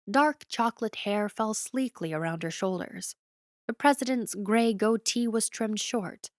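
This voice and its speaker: A woman narrating a romance audiobook in an even storytelling delivery, recorded close to the mic. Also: mid-range voice, no echo.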